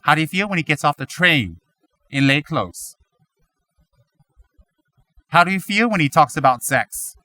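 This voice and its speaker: Animated, bright-voiced male Buddhist teacher. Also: a little high, measured pace, long pauses, dry recording. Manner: animated, mimics students with dramatic questions. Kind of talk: dharma teaching talk.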